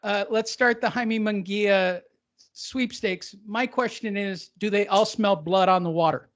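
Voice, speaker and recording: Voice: mid-range voice, unhurried. A host of a boxing podcast reading news and quotes aloud in a joking, casual way, mocking the wording as he goes. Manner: joking, reads quotes aloud with mock emphasis. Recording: slightly dull audio.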